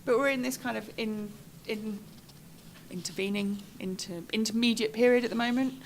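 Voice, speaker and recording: A woman's voice: a little high, normal speed, slight background noise. A woman, a trade representative giving a careful, explanatory answer on a conference panel. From United Kingdom.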